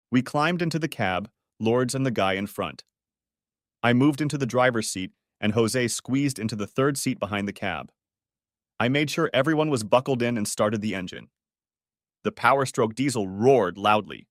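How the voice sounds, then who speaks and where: A man narrating an audiobook in the first person at a medium pitch. He reads steadily, with a dry, close sound and no room around the voice. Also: animated, moderate pace, no room sound.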